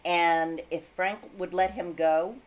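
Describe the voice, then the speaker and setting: A woman's voice: on the low side, steady tone, slow, over a noisy crowd. A woman co-hosting a podcast in casual chat, wry and matter-of-fact, chuckling between lines. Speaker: podcast co-host. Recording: audible background hiss.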